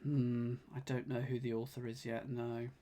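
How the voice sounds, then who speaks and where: A man's voice: mid-range voice, flat delivery, normal speed, mellow, a little hiss or hum. A man with a slight lisp, thinking aloud while he works through a crossword, muttering and sighing as he puzzles. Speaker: puzzle streamer.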